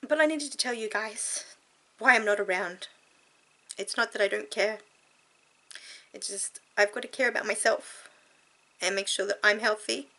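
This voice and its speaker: Aussie woman vlogging, teary and earnest, sighs a lot, pauses between bits. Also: a little high, pushed and bright. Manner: earnest and heartfelt, halting with sighs. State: tearful. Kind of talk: frank personal vlog talk.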